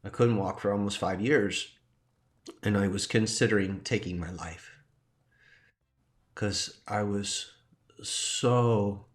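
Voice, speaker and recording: A man with a low-pitched voice speaks in a heartfelt, halting way. He is choked up and stops now and then to steady himself while telling his own story to a group as their teacher and coach. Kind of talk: emotional personal sharing.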